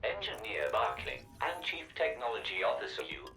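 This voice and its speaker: Deep robotic drone. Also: male voice, moderate pace, soft background music, full character voice, poor audio. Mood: monotone. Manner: flat, clipped status announcements. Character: monotone male robot drone assistant. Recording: game audio with faint noise.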